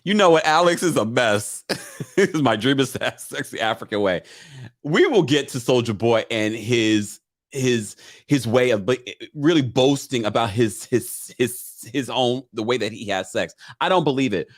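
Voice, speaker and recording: Speaking at a measured pace in a mid-range voice, a man hosts a casual livestream recap. He chats animatedly and reads viewer comments aloud into a webcam mic.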